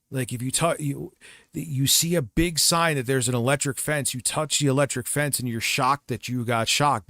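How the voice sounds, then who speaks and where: A man's voice: medium pitch, moderate pace, bright, forceful tone, no echo, clean studio sound. A man hosting a livestream who comments casually, rambling, crude and mocking. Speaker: livestream host.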